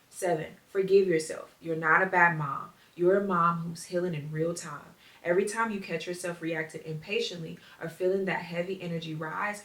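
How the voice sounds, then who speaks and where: A woman podcast host with a lowish voice speaks earnestly and from the heart, her phrase ends often fading softly. The sound is roomy with a noticeable echo, and she sits a little back from the mic. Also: recorded from a distance. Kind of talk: reading aloud and reflecting on parenting advice.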